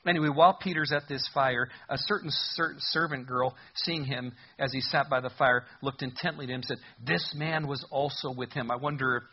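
A man preaching a sermon as pastor, expressive, rising loud for emphasis and dropping soft. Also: medium pitch, breathy edge, dull audio.

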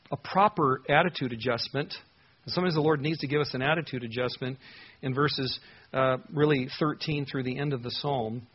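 A man preaching a sermon with a husky, slightly breathy voice. He talks in a loose, conversational way, full of filler words and sudden emphasis. The recording sounds dull and lo-fi. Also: mid-range voice. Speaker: pastor. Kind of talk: expository sermon.

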